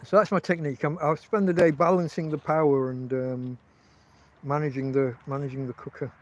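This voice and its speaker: A man with an English accent talks casually on a livestream from inside his tent. His voice sits high for a man, and he rambles through profane stories, stopping and restarting his sentences. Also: flat delivery, brisk, lo-fi sound. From England. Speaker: podcast host.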